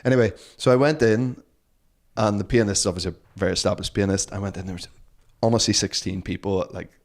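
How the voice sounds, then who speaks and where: A man's voice: lowish voice, fairly even intonation, fast talker. A man in his forties with a Northern Irish accent, a guest telling rambling, self-deprecating stories in a casual interview. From Northern Ireland.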